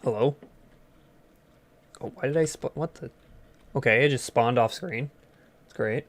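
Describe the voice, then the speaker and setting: A man's voice: mid-range voice, unhurried. A man hosting a gaming channel, chatting in a rambling, self-amused way as he plays. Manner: chatty, rambling, laughs at himself. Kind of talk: casual let's-play commentary.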